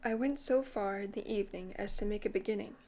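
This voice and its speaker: A woman narrating a classic ghost story audiobook in a measured, hushed way. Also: medium pitch.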